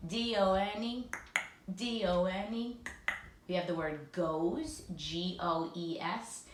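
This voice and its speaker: Slow, deliberate woman teaching phonics. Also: lowish voice, distant mic. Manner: slow, clear letter-by-letter spelling and drilling. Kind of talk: phonics lesson for children. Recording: echoey room with faint noise.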